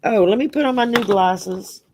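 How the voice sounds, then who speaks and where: A woman's voice: medium pitch, normal speed, a little mellow, a little hiss or hum. A middle-aged woman from the Gulf Coast with a Southern accent, hosting a casual live-stream chat and laughing often. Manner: chatty, laughs often, says y'all. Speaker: host.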